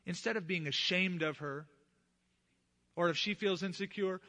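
Male pastor, middle-aged, conversational sermon delivery, bright and slightly high. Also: moderate pace. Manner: conversational, animated storytelling.

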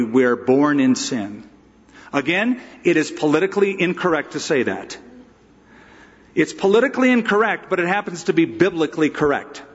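A man's voice: a little high, big-room sound, dull audio. A pastor giving an emphatic, conversational expository sermon, asking his listeners rhetorical questions.

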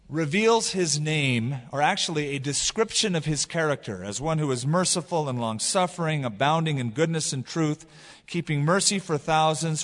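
A man preaching a sermon as pastor, retelling scripture in a casual, animated way. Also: fairly high pitch, in a large hall. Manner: casual, animated storytelling with paraphrase.

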